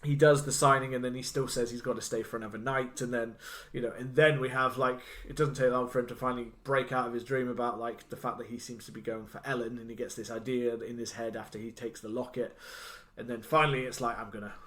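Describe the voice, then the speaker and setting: A podcast co-host rambles through a casual film review, interrupting himself and laughing often. He talks fast in a mid-range, slightly bright voice with a level tone, recorded in an echoey room.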